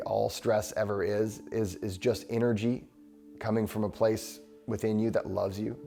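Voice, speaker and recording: A man hosting a show, leading a guided breathing exercise in a slow, soothing, encouraging way. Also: on the low side, a little mellow. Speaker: breathwork host.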